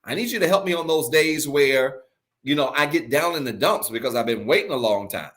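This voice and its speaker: A man's voice: medium pitch, lively intonation. Man preaching with emphatic repeats. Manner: preaching with sudden soft drops and slow emphatic repeats. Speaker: pastor. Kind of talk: sermon. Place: online church service.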